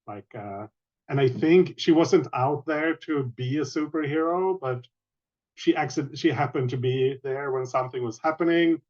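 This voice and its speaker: A man playing in an online tabletop game, explaining his character hesitantly with frequent pauses. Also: mid-range voice, darkish tone, dull audio. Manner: hesitant, many fillers and restarts. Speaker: player.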